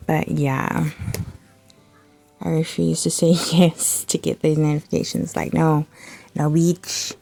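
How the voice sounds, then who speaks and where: A woman's voice: low-pitched, level tone, a little slow, vocal fry, pauses often, mellow, dry recording, faint music behind. A woman hosting a gaming channel, chatting casually and rambling to herself while she browses, with laid-back, profane asides.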